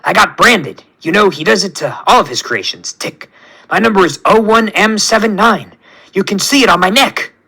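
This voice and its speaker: A man's voice: high-pitched, moderate pace, pushed and bright, breathy edge, pitched above the performer's own voice, full character voice, low-quality recording. A man voicing a male insect-like alien creation whose speech is broken by clicking ticks. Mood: urgent.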